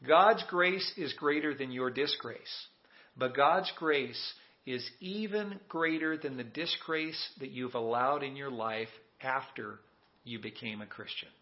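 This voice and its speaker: A man's voice: medium pitch, a little slow, lo-fi sound. A man preaching a sermon as pastor, emphatic and calling on the congregation to repeat lines back. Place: church sanctuary.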